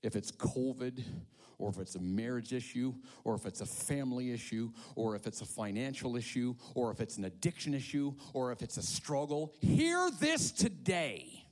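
A male pastor giving a dramatic sermon, swinging from hushed whispers to loud calls. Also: medium pitch, brisk.

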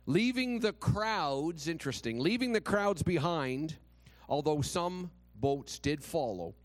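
A man's voice: fairly high pitch, animated, takes it slowly, no room sound. A male pastor preaching a sermon in a conversational, dramatic storytelling manner with touches of humor.

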